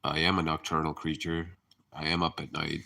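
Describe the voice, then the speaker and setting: A man's voice: extremely low pitch, little pitch movement, normal speed, vocal fry, pushed and bright. A man chatting casually on a live stream, rambling, laughing and cursing freely. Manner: hyper, chatty.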